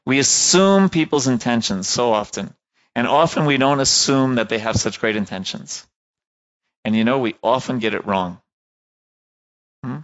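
A man's voice: medium pitch, expressive, moderate pace, long pauses, dull audio. A man giving a casual classroom lecture, talking conversationally, often checking in with "right?" and stopping to rephrase.

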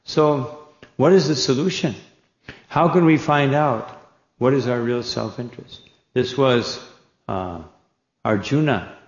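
A man's voice: medium pitch, slow, pauses often. A man giving a scripture lecture as a spiritual teacher, retelling the dialogue in character and often tagging his points with "No?". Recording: echoey hall, dull lo-fi sound.

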